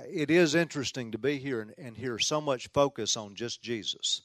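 A middle-aged man with a Southern drawl leads a fervent prayer and preaches as a visiting pastor. His voice sits at an ordinary pitch and swells into emphatic declarations. The sound is close and dry, with no room echo. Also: lively intonation, moderate pace, fairly bright tone. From Tennessee. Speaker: guest preacher. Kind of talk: prayer and sermon.

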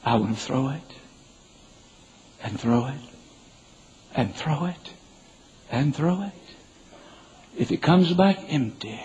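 A man's voice: mid-range voice, darkish tone, slight background noise. An older man preaching a sermon, telling a joking personal story in an emphatic, folksy way. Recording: dull lo-fi recording.

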